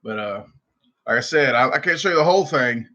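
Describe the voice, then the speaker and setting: Bright-voiced Southern man rambling on a livestream. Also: mid-range voice, a little fast. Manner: rambling, repeats and restarts, animated when quoting. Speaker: livestream host. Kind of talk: casual rambling storytelling. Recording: dull lo-fi livestream audio.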